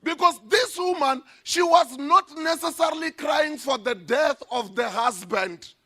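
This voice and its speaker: A man preaching a sermon as a pastor in a church, emphatic, with sudden shouted lines. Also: extremely high pitch, unhurried.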